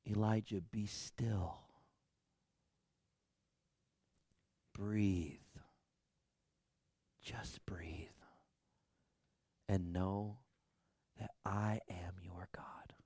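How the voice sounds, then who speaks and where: A man voicing God in a sermon, speaking to a prophet in a hushed, soft, slow voice. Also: on the low side, steady tone, husky, no room sound, voice pushed down, full character voice. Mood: gentle hush. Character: gentle calming male God, still small voice.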